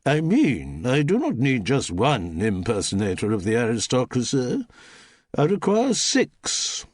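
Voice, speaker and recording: A man performs an imperious elderly aristocratic duchess, pitching his voice above its natural level in an exaggerated, slightly rough medium register with huge pitch swings. She speaks a little slowly in clipped, haughty, pompous tones, recorded cleanly in a studio with no echo.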